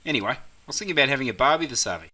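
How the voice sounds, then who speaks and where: A man voicing an easygoing Australian male mate who invites a friend over, talking in quick breezy slang with an Australian accent. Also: medium pitch, lively intonation, pushed and bright, husky, heavily acted.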